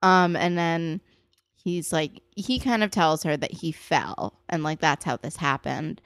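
Chatty low-voiced woman recapping a show. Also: measured pace, fairly bright tone, no room sound. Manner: chatty, filler-heavy, jumps into higher voices for quoted characters. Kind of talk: casual TV episode recap.

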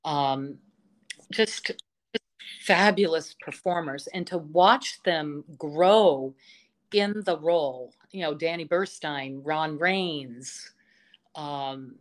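A woman who teaches voice, chatting as an interview guest and telling stories with enthusiasm, often pausing on fillers. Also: deep voice. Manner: enthusiastic storytelling, full of fillers. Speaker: vocal instructor, interview guest. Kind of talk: casual interview chat.

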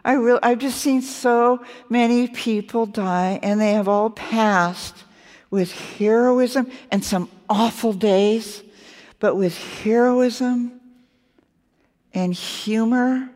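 A woman's voice: on the high side, darkish tone. Candid woman in her sixties, onstage hall echo. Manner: candid, wry, slows down for emphasis. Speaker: guest author. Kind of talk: live onstage conversation. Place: onstage at a festival.

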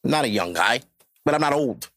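A man's voice: medium pitch, animated, moderate pace, fairly bright tone, no room sound, clean studio sound. A man in his thirties hosting a podcast, talking bluntly and profanely in casual chat. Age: 30s. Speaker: podcast host.

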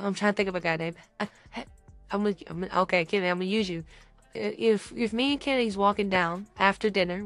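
A woman's voice: medium pitch, no echo. A young woman co-hosting a podcast, chatting casually and giving dating advice, acting out little scenes as she talks. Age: young adult. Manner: animated, acts out little scenes with quoted voices. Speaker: podcast co-host.

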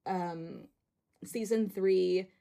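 A woman's voice: lowish voice, fairly even intonation, extremely slow, vocal fry, dark tone. A woman co-hosting a podcast, chatting casually and giggling as she recaps a reality show and acts out quotes in voices. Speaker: podcast co-host.

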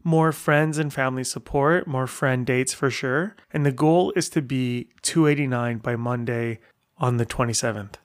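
A man's voice: medium pitch, moderate pace, no room sound, studio quality. A middle-aged man hosting a casual solo podcast, telling stories in a chatty way full of rambling asides. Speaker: podcast host.

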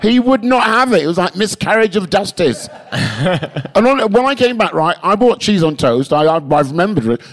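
Animated, foul-mouthed man telling stories. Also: high-pitched, normal speed. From London. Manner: animated, swearing storyteller. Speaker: podcast guest. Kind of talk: casual podcast chat.

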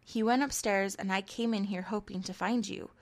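Brief: blunt young suitor in a story, brisk and blustery, voiced by a woman reader. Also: medium pitch, fairly even intonation, natural voice. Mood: blustering.

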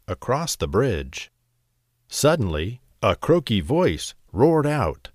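A man narrating a bedtime story in a slow, expressive, gentle way. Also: medium pitch, no echo, clean studio sound.

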